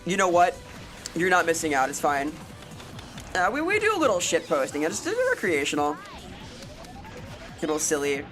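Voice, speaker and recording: A woman's voice: low-pitched, huge pitch swings, moderate pace, long pauses, fairly bright tone, soft background music. Ranting, profane woman streamer. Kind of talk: casual live-stream chat answering viewers.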